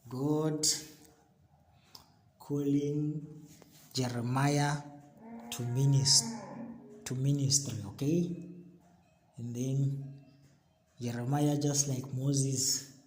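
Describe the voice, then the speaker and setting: A man's voice: medium pitch, roomy sound, a little hiss or hum. A man teaching an informal Bible study, reading scripture and explaining it, often checking in with "okay?". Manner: frequent "okay?" checks, rereading and paraphrasing scripture. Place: outdoors in a backyard.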